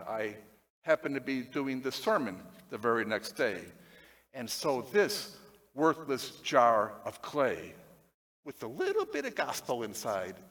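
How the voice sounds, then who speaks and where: A man preaching a sermon, telling a personal story with lively swings between excited, loud passages and hushed, tender ones. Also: medium pitch. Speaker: pastor.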